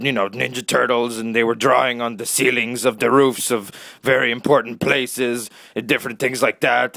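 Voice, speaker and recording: A man's voice: mid-range voice, vocal fry, sharp tone, dry recording. A young man delivering a rambling, mock-serious comic rant about art history, full of fillers. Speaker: satirical ranter.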